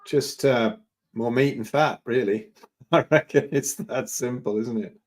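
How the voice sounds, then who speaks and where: A man's voice: mid-range voice, a little slow. A man on a live question-and-answer panel who speaks plainly and briefly.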